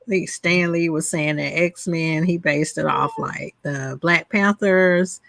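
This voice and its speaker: A woman's voice: deep voice, fairly even intonation, creaky, a bit bright, dry recording. A woman co-hosting a podcast, talking in a laid-back way with many "like"s and "um"s. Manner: unhurried, laid-back, fills with "like" and "um". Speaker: podcast co-host. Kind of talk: casual podcast chat.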